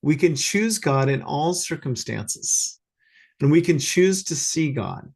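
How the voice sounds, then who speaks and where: A man giving an informal spiritual talk to a small congregation, earnest and conversational, pausing and restarting as he thinks aloud. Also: on the high side, lively intonation, gravelly, darkish tone, husky. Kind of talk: informal sermon. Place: talk to a small congregation, also streamed online.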